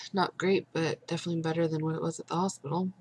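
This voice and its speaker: A young woman vlogging a casual video update, exhausted and frustrated, rambling with many pauses and fillers. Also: deep voice, expressive, a little mellow, husky.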